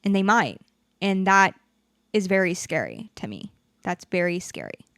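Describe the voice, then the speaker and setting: With a fairly low voice and an unhurried delivery, a young podcast host talks frankly on her solo show. Her venting is animated and full of profanity, and the recording is dry.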